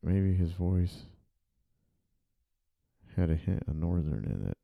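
A man, an author, thinks aloud while drafting and typing in a dark room, muttering, rereading and correcting himself. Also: low-pitched, big pitch swings, slow, gravelly, no echo, muffled recording.

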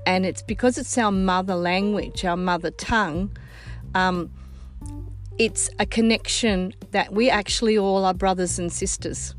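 An older woman with an Australian accent hosting a casual chat, telling stories in a warm, heartfelt way. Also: mid-range voice, steady tone, unhurried, soft background music.

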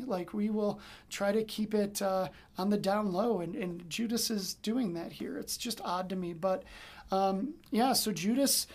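A woman hosting a daily Bible study, reading scripture and then commenting in a chatty, animated way full of "um" and "like". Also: medium pitch.

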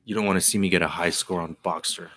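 A man's voice: low-pitched, fairly even intonation, quick pace, a bit bright, dry recording. A man who cuts hair, co-hosting a casual podcast in a barbershop, talking in a sarcastic, profane, playful way.

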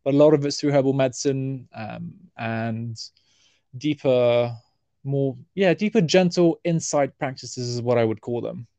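A man, talking casually as an interview guest, relaxed and rambling with fillers and restarts. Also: medium pitch, measured pace, no echo, lo-fi sound. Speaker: herbalist guest.

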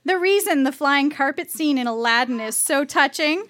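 High-voiced woman reading diary entries. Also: expressive, normal speed, fairly bright tone. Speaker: reader of her teenage diary. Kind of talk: live stage reading.

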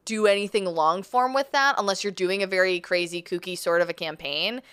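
A woman's voice: mid-range voice, a little fast, a bit bright, clear, resonant tone, dry recording. A woman co-hosting a podcast in casual chat, blunt and profane. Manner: blunt and profane, laughs often.

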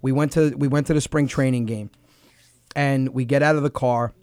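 Excitable comedian host, dry studio sound. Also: male voice, medium pitch, normal speed, no echo. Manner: excitable, swears freely, bursts loud. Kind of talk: animated comic storytelling. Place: radio studio.

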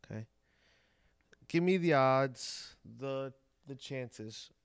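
A man's voice: medium pitch, extremely slow, clean tone, dry recording, clean studio sound. A man in casual chat who asks questions and jokes around with playful wordplay. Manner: joking, playful with words.

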